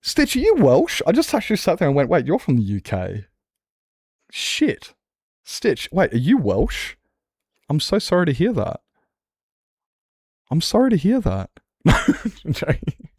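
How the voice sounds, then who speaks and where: A man's voice: on the high side, huge pitch swings, normal speed, long pauses, darkish tone, breathy edge, no room sound, clean studio sound. An Australian man chatting casually and joking with his chat while streaming a building game. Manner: joking, self-mocking banter with chat.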